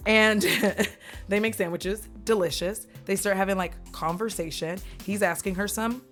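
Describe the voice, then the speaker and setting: A woman's voice: medium pitch, steady tone, measured pace, fairly bright tone, faint music behind. A young woman recapping a movie in a casual, rambling chat, swearing and wandering off on tangents.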